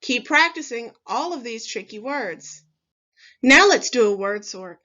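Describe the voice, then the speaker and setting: Woman, first grade teacher, slow clear phonics lesson, fairly high voice, dull lo-fi audio. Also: lively intonation, sharp tone. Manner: slow, clearly enunciated, encouraging teacher talk.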